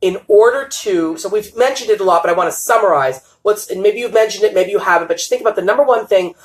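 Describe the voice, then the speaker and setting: A woman's voice: mid-range voice, fast, slight background noise, poor audio. Enthusiastic, affirming woman host. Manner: enthusiastic, affirming, laughs often. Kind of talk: live-streamed interview.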